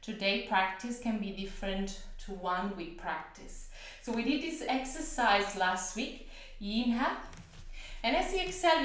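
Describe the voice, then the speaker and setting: A woman teaching a yoga class, calmly cueing each breath and pose in an encouraging way. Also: mid-range voice, echoey room. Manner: calm breath-paced cueing, slow and encouraging. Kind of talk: guided yoga class instruction. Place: home room.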